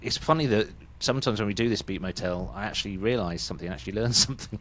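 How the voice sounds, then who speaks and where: A man's voice: on the low side, very fast, fairly bright tone, a little hiss or hum. A British man hosting a music podcast in casual, chatty talk, often laughing. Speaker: podcast host. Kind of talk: casual chat.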